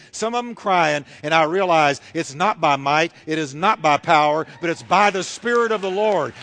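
A man's voice: sits high, a bit bright. A man preaching a fervent sermon, driving his points home with repeated rhetorical questions.

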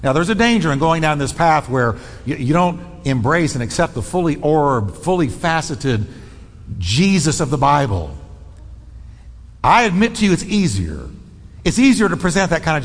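Pastor, male, bold emphatic preacher, high voice, long hall reverb. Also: very animated, moderate pace. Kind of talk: sermon.

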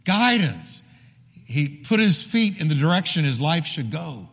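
A man preaching a sermon as pastor, emphatic and repetitive, with sudden drops to a hushed voice. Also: a little high, expressive, normal speed, gravelly, breathy edge. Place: church sanctuary. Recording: long reverb of a large hall.

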